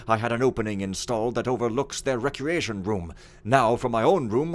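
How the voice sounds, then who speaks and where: A man's voice: lowish voice, close to an everyday voice. A man reading aloud as a pompous, spiteful male steward in a haughty, scornful way. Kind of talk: reading a game journal aloud in character.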